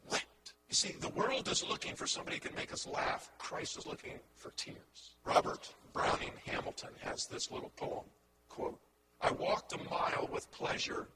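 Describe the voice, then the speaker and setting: A male pastor preaches an impassioned sermon at a moderate pace, swinging between hushed and loud lines and repeating words as he builds a point. There is heavy background noise.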